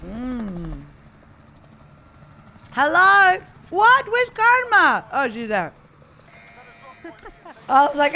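Lively high-voiced woman game streamer. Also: very slow, pauses often, a little hiss or hum. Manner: excitable, laughs often, talks to chat. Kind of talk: casual game-stream chat.

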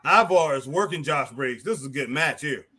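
A man's voice: fairly high pitch, expressive, moderate pace, sharp tone, breathy edge. A man co-hosting a live wrestling watch-along, reading viewer comments and exclaiming at the action.

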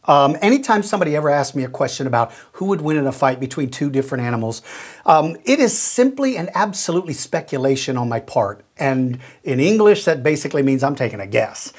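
A man's voice: on the high side, very animated, fast, breathy edge. A middle-aged man hosting a question-and-answer show, explaining things in a friendly, folksy way straight to young viewers. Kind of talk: casual explanatory talk.

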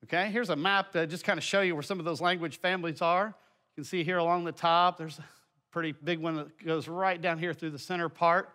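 A middle-aged man presents a children's Bible lesson with slides, speaking in a folksy, conversational way full of asides and filler words. His voice is a little high, steady, pushed, and bright, and he talks a bit fast.

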